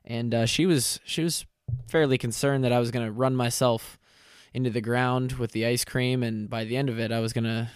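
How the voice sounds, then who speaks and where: A young man hosting his own podcast in casual chat, tired and lightheaded from fasting, rambling and correcting himself with lots of fillers. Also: medium pitch, steady tone, clear, resonant tone, dry recording, clean studio sound. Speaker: podcast host. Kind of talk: casual solo podcast talk.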